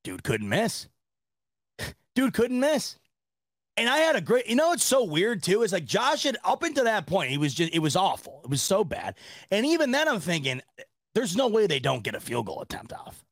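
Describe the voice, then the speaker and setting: A man's voice: high-pitched, big pitch swings, fairly quick, no echo, studio quality. A man hosting a sports reaction podcast, talking casually in a rambling, exasperated way with lots of restarts and laughter. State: laughing to tears.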